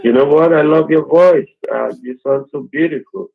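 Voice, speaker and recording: Man on the phone, gravelly and husky; hesitant delivery over a dull lo-fi line. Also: a little high, normal speed. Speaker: scammer on the call. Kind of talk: phone conversation.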